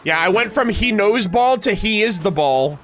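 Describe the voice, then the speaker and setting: A man streaming a game, reacting and joking excitedly with his chat as he plays. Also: high voice, moderate pace. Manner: excitable, jokey, talks to chat. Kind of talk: casual gameplay reaction commentary. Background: faint game music.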